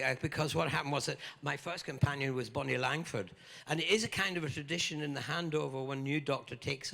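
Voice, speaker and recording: A man's voice: mid-range voice, vocal fry, a bit bright. An older Scottish man, a guest actor at a fan convention Q&A, telling playful, jokey anecdotes. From Scotland. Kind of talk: lively anecdotal storytelling. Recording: echoey convention hall.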